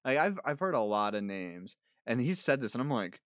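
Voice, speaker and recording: A man in relaxed casual chat with friends, laughing often as he talks. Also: medium pitch, normal speed, no echo, studio quality.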